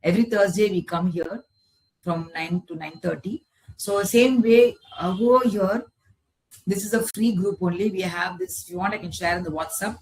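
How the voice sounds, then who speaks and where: A woman leading a guided healing meditation over a video call, speaking slowly and gently in repeated affirmations. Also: lowish voice, fairly even intonation, low-quality recording. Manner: slow, gentle, repetitive affirmations. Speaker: healer leading a guided session.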